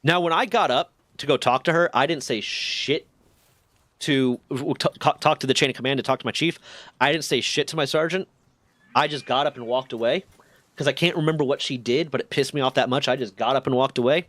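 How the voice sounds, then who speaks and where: A man streaming, telling a long story in a casual, animated and profane way. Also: a little fast. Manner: profane, animated, shifts pitch a lot.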